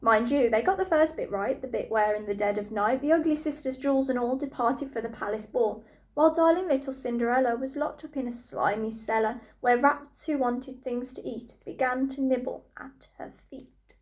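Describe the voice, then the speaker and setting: Woman reading a kids rhyme book, high voice, bouncy rhythm. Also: moderate pace. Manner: lively, rhythmic rhyming delivery. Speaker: storyteller. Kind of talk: storybook reading.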